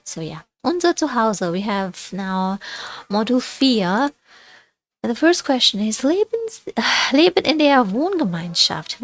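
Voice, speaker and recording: A woman tutoring through a course book in a casual study-along lesson, chatty and quick to skip busywork. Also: a little high. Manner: chatty, dismissive of busywork, mixes textbook reading with explanation. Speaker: language tutor.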